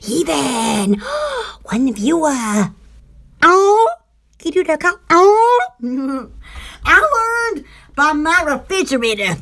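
A woman's voice: sits high, very animated, slow, gravelly, a bit bright. A woman hosting a casual home shopping live stream, rambling and laughing often as she chats and mimics household appliance noises.

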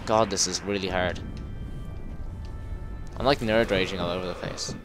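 A man with a lowish voice gives an excitable running commentary over his gameplay, swearing freely and bursting into yells. Game music plays clearly behind him the whole time. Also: moderate pace. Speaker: gameplay video host. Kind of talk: let's play commentary. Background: game music and sound effects.

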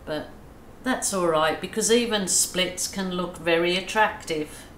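Speaking a little slowly in a lowish, slightly bright voice, an Australian woman who does acrylic pouring chats through a casual painting tutorial. She coaches in a soothing, self-deprecating way. The room is echoey, with faint ambience and slight background noise.

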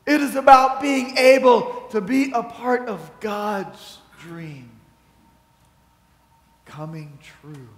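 A male pastor preaches in a church sanctuary, taking his time as he retells a story and performs its quoted lines. His voice is very high, and the hall sounds echoey.

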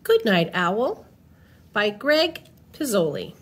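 A woman reading a children's picture book aloud in an expressive storytelling manner. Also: medium pitch, slow pace, slightly rough.

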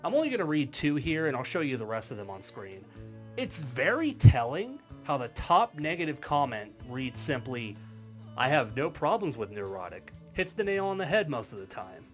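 A man's voice: on the high side, big pitch swings, moderate pace, faint music behind. A man delivering a commentary video in a wry, sarcastic manner. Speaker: YouTube commentary creator. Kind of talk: commentary vlog.

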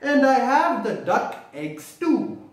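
A man voicing a jumpy village farmer in a read-aloud storybook, exclaiming and fretting with a high, lively voice. The sound is distant and heavily echoed in a bare room. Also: takes it slowly, exaggerated voice. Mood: musing. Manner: exclaiming, fretful. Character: excitable male village farmer.

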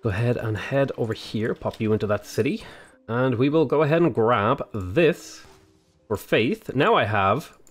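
A man with an Australian accent casually talking through a strategy game tutorial, explaining his moves in a relaxed way. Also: medium pitch, normal speed, faint music behind. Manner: relaxed, explanatory, frequent "uh" and "go ahead". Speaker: gaming YouTuber.

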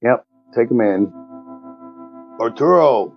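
A man's voice: lowish voice, measured pace, creaky, faint music behind. A man playing a tabletop game, describing his hero's actions in a blunt, casual way. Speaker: player. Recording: slightly muffled lo-fi audio.

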